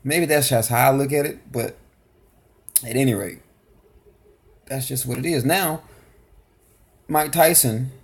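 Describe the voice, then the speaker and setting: A man talks loosely while reacting to a video, wandering off his point and circling back to it. His voice has a gravelly, fry-heavy edge. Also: medium pitch, measured pace, long pauses. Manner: rambling, loose, full of restarts and fillers. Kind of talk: casual chat.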